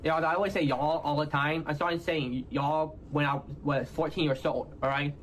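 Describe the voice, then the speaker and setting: A man from Houston with a Texan accent, speaking in halting, hard-to-follow phrases and ending nearly every phrase with "all right, y'all?". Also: fairly high pitch, steady tone, a bit bright, a little hiss or hum. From Houston, Texas. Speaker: content creator in a played clip. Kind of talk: casual self-explaining talk to viewers.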